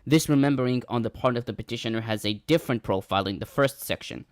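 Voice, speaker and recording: A man's voice: medium pitch, quick pace, no room sound, studio quality. A man giving scholarly commentary on a podcast, speaking carefully with frequent ums and restarts. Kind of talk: podcast discussion and reading.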